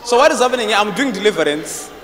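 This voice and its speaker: A man preaching a deliverance sermon, forceful and repetitive, breaking into shouts. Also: high-pitched, expressive, fast. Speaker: prophet preaching. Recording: echoey hall with faint noise.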